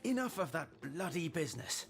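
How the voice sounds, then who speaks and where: A man's voice: fairly high pitch, sing-song, brisk, soft background music. A man playing a surly, bitter undertaker in a video game, brusque and dismissive.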